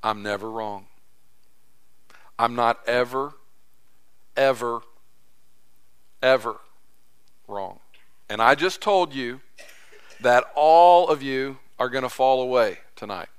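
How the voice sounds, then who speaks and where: A man's voice: mid-range voice, slow pace, pauses often, smooth, close to an everyday voice. A man voicing Jesus as a firm man bluntly telling a disciple he is never wrong. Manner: blunt, matter-of-fact, emphatic. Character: Jesus, firm adult man stating facts.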